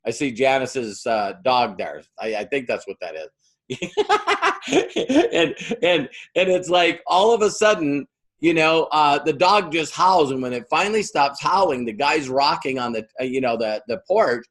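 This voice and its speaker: A middle-aged man delivers a motivational business training talk, telling stories and acting out the voices he quotes. He speaks a little slowly in a mid-range voice with a fairly bright tone.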